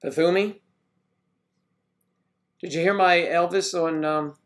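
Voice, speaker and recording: A man's voice: sits high, fairly even intonation, slow pace. An older man hosting a casual livestream, greeting viewers by name and rambling while he fumbles with his equipment. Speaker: livestream host.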